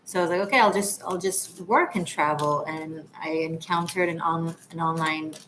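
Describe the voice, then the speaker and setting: A woman's voice: deep voice, steady tone, moderate pace, fairly bright tone, a little hiss or hum, rough recording. A woman from Israel hosting a tarot livestream, chatting casually with viewers in a rambling, laughing way. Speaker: tarot reader and livestream host.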